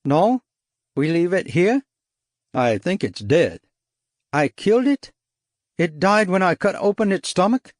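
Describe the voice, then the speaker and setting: An eager, jubilant jungle guide, voiced by a male audiobook narrator, pitched well above his own voice. He speaks in formal, halting sentences and leaps all over his range. The sound is dry and close. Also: very animated, no echo. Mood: dismayed. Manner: exclaiming, halting formal speech. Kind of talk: audiobook character voice.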